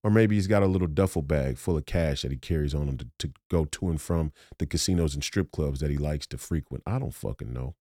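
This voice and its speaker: Podcast host, male, low voice, confrontational and profane, repeats lines for emphasis, dry sound. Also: fairly quick, few pauses, mellow, no room sound. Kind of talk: profane monologue.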